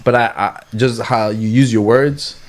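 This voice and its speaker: Speaking at a measured pace with a medium-pitched voice, this male interview guest keeps things casual. He tells animated stories peppered with "like" and "you get what I'm saying."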